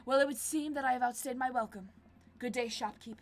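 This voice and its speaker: A woman's voice: high-pitched, fairly quick, pitched above the performer's own voice, close to an everyday voice. A woman voicing a pompous, overly formal man obsessed with Victorian fashion in a dating game playthrough. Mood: haughty. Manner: haughty, theatrical, overly formal.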